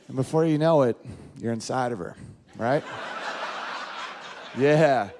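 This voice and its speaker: On a club stage, a northern New York comedian tells stories in an unhurried, mid-range voice with vocal fry and frequent pauses. His stand-up is animated, and he acts out the voices of the people he quotes.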